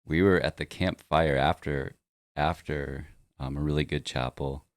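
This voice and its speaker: Deep-voiced man hosting a casual chat. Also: fairly even intonation, unhurried, no echo, clean studio sound. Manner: easygoing, laughs often. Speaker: podcast host.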